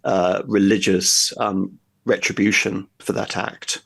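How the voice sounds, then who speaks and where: Gravelly low-voiced man explaining history. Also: level tone, takes it slowly, a bit bright. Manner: discursive, lecturing, thinks aloud while explaining. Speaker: guest discussing history.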